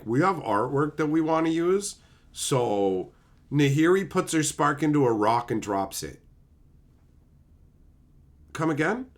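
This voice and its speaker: A man's voice: fairly high pitch, a bit bright. A man streaming live, ranting with exasperated, profane mockery while reading chat.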